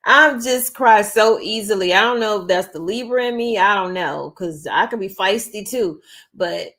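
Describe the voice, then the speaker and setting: A woman's voice: mid-range voice, normal speed. A middle-aged woman, hosting a casual news vlog and greeting viewers by name. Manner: chatty, warm-hearted, talks to viewers by name. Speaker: channel host.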